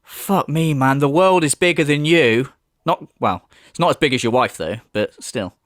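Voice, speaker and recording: A man's voice: a little high, lively intonation, normal speed, no echo, clean studio sound. A man giving profane, sarcastic commentary over video clips, laughing and mocking as he goes. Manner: sarcastic, laughing, swearing freely. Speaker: commentary YouTuber.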